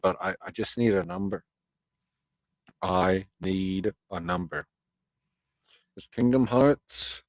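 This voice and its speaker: A man's voice: on the low side, a little mellow, dry recording, rough recording. A man hosting a live stream, chatting casually with his viewers and reading their comments aloud, swearing freely and drifting into rambling rants. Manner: profane, rambling, ranting.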